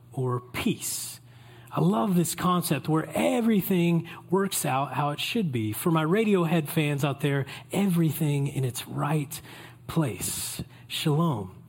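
Pastor, playful sermon. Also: male voice, on the high side, breathy edge. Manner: playful, joking asides to the congregation.

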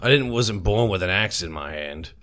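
A man's voice: low voice, animated, moderate pace, fairly bright tone. A man voicing a seasoned warrior who mentors a novice with terse, blunt lines. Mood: steady.

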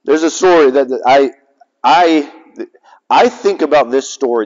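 A man in his forties, a chaplain giving a sermon, telling a story with big swings between loud and soft. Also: a little high, unhurried. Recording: dull sound with long hall reverb.

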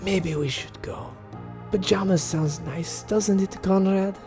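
A woman's voice: medium pitch, slow, music in the background, pitched above the performer's own voice. A woman voicing a frail, teasing elderly woman who puts on a German accent. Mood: coy, teasing. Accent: put-on German.

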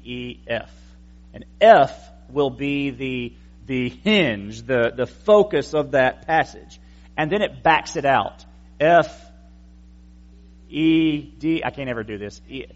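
A man's voice: medium pitch, dull audio. A male pastor giving a conversational teaching sermon with wry asides to the congregation. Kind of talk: explanatory evening sermon.

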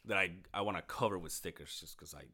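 A young podcast co-host with a low-pitched voice tells a crude, swear-filled story at a quick pace. He laughs as he talks and shouts out the lines he quotes in this casual chat.

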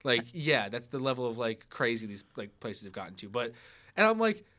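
Rambling young man in his twenties, bright voice. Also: medium pitch, fairly quick. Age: 20s. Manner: rambling storyteller, many "like" fillers. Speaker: podcast guest, editor. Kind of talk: casual chat.

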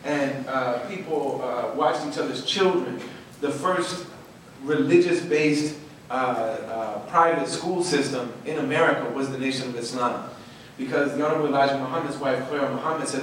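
Male storyteller, emphatic and animated, slightly raised pitch, distant mic with heavy room echo and faint noise. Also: normal speed. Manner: animated, emphatic, repeats words for stress. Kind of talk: passionate storytelling talk.

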